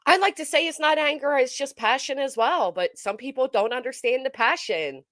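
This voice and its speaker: A woman hosting a casual livestream, chatting to viewers in an animated, emphatic way with a forceful edge. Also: on the high side, normal speed, hardly any pauses, no echo, studio quality. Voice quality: tends to sound forceful, described as angry. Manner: animated, emphatic, talks straight to chat. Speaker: livestream host.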